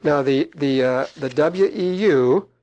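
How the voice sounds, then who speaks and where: A middle-aged man preaching on prophecy, reading aloud and commenting in a slow, emphatic way with frequent fillers. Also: fairly high pitch, a little mellow, lo-fi sound, slight background noise.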